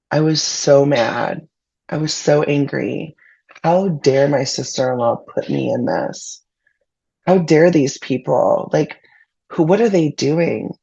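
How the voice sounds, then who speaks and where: A woman's voice: very deep voice, creaky, darkish tone, husky, muffled recording. A woman guest on a podcast, candidly and emotionally retelling a personal ordeal in casual speech. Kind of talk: personal storytelling in conversation.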